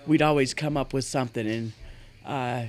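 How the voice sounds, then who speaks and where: A woman's voice: rumbling low, steady tone, normal speed. A woman in her forties from Montana, a guest telling stories earnestly and with animation, often laughing as she talks. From Montana, USA. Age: 40s. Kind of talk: casual storytelling in an interview.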